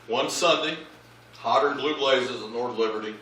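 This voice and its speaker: Man, eulogy, comic storytelling, bright forceful voice, very echoey hall, distant mic. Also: medium pitch, moderate pace. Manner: animated comic anecdotes, acting out quoted lines. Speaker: eulogist, child of the deceased. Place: large memorial service hall.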